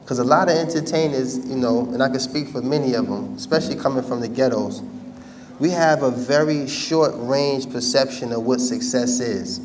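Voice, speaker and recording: A man's voice: mid-range voice, recorded from a distance, noisy background. American man telling his story, from afar. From United States. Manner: conversational storytelling, addresses audience directly. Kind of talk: personal testimony talk.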